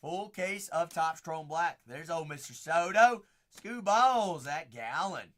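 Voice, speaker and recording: This man hosts a live card break, reading off players and teams and talking to his viewers by name. His voice sits a little high and bright, and it leaps all over its range. He keeps an easy, unhurried pace. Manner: excitable, calls out players and teams, bursts into shouts on big pulls; chats with viewers by name between cards.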